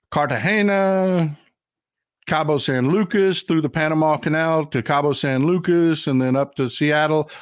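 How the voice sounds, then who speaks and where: A man's voice: fairly high pitch, no room sound, clean studio sound. An older man hosting a casual livestream, talking bluntly and with profanity while he reads out and thanks viewers' comments. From Texas. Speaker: livestream host.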